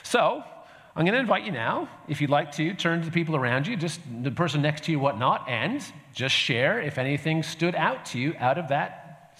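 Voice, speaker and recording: In a reverberant hall, a pastor talks to his church group in a conversational teaching style, frequently checking in with "right?" amid fillers and restarts. His voice is a little high, expressive and fairly bright, delivered at normal speed.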